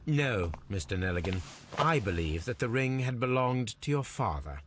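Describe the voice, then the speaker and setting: A man voicing a calm, sharp-minded male detective in a video game, questioning a suspect in a measured, deductive way. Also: medium pitch, slight background noise, close to an everyday voice. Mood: probing. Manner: measured, deductive and coolly probing.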